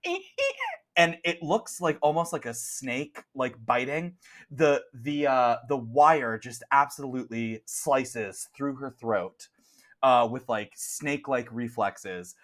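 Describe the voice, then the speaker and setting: A man's voice: medium pitch, a bit bright. Guy running a horror tabletop game, laid back, lots of ums and likes. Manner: casual, gleeful gory description with fillers. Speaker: game master.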